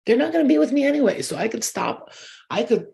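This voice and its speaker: A woman's voice: fairly high pitch, big pitch swings, quick pace, gravelly, warm tone, slightly rough. A woman hosting a spiritual channel, talking in a casual, rambling monologue that is blunt, profane and emphatic.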